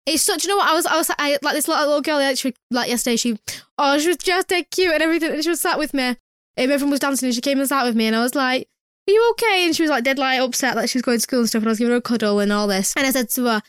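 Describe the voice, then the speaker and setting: A woman's voice: high voice, very fast, a bit bright, clear, resonant tone, dry recording, clean studio sound. A young woman, an emotional nursery worker chatting casually with lots of fillers. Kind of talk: casual chat.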